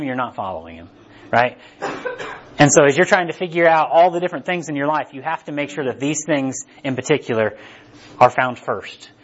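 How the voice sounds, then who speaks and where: Conversational male preacher, slightly muffled. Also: mid-range voice. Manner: conversational, asks "right?" often. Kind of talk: casual sermon.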